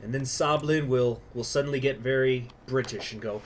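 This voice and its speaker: A man's voice: mid-range voice, normal speed, hardly any pauses, slight background noise. Man muttering through a strategy game. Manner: talks to himself, muttering plans, occasional swearing. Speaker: host. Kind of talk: casual gaming livestream commentary.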